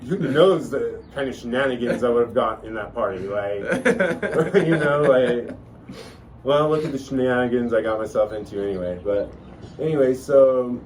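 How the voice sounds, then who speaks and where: A man's voice: mid-range voice, normal speed, a crowd in the background. Rambling man telling a story from afar. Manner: rambling, many fillers and restarts. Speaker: podcast host telling a story. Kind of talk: casual storytelling. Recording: distant mic with faint noise.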